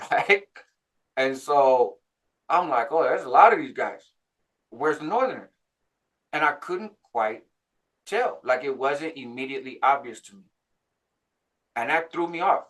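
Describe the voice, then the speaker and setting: Animated man telling a prison story. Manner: animated, jumps higher when quoting others; laughs between phrases, frequent "right?". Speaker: channel host recounting prison life. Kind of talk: casual storytelling.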